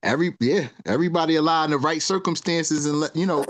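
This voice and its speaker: Laid-back dude chiming in with short answers, kinda high voice, dry close sound. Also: male voice, fast talker, no room sound. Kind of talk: casual debate.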